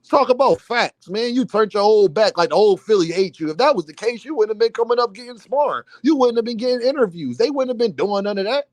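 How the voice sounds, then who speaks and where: A man's voice: high voice, lively intonation, quick pace, few pauses, dry recording. A man hosting a boxing live stream, ranting heatedly to his chat in slangy, insistent talk.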